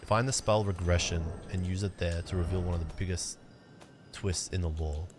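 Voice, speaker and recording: Young man, deep low voice, joking gameplay livestream chat, faint music underneath. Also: normal speed. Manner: joking, talks to chat, sudden excited jumps. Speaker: streamer.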